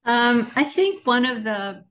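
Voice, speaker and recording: A woman guest in a casual interview, speaking in an unhurried way with gentle laughter. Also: fairly high pitch, animated, low-quality recording. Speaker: podcast guest.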